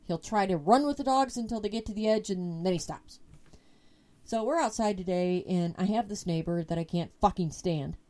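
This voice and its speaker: Woman host, mellow voice, swears freely, spins a casual yarn. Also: mid-range voice, normal speed. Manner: profane, animated storyteller. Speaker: podcast host. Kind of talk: casual storytelling chat.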